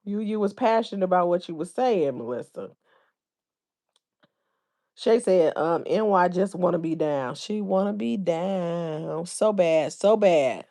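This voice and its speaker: A woman's voice: on the low side, animated, measured pace, mellow. A woman hosting a livestream, chatting casually and reading viewer comments aloud in informal slang. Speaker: livestream host.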